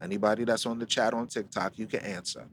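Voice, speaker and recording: A man leading a live-streamed Bible study, reading scripture slowly, then explaining it in lively slang. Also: on the low side, a little hiss or hum. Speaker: Bible teacher.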